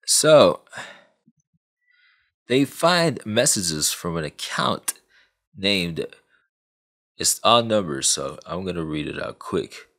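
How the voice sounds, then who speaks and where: A man tells a true story casually, rambling through fillers and side remarks. He speaks slowly with a gravelly grain, and his pitch moves a lot. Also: animated, fairly bright tone. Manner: rambling, lots of fillers and asides.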